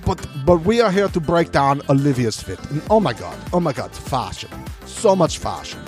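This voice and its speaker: A man's voice: a little high, big pitch swings, fast talker, faint music behind. A man putting on a fake European accent to play a pompous, chain-smoking male fashion reporter. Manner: fake European accent, drawling, self-important.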